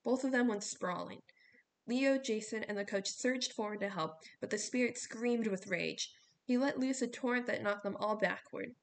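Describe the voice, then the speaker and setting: Gravelly woman reading a novel. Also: mid-range voice. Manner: steady storytelling with small slips. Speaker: audiobook reader.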